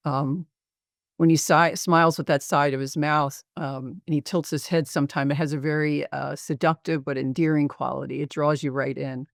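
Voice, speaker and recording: A middle-aged man, a psychiatrist, presenting a patient case in a webinar in a measured, reflective way with frequent pauses. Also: on the high side, flat delivery, creaky, no room sound, studio quality.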